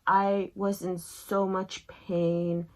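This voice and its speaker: A young woman vlogger telling a lively story while doing her makeup. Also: drawn-out words, poor audio. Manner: lively storyteller, acts out quotes in a high voice. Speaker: beauty vlogger.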